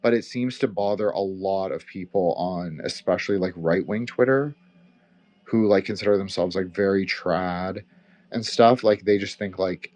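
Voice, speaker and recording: Speaking at normal speed in a low voice, a man with a slight Quebecois accent closes out a live audio chat he hosts. His casual remarks ramble, include profanity, and are full of fillers.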